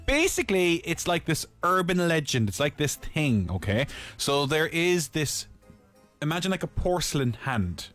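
A man hosts a casual chat, telling a story with a jokey, animated delivery. His pitch rises and falls a lot, and faint music plays under his voice. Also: a little slow. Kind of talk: casual chat recommending a film.

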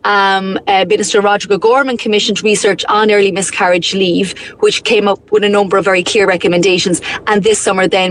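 A woman's voice: mid-range voice, a little hiss or hum. A woman with an Irish accent, a politician speaking earnestly on a phone line in a radio interview, with frequent restarts.

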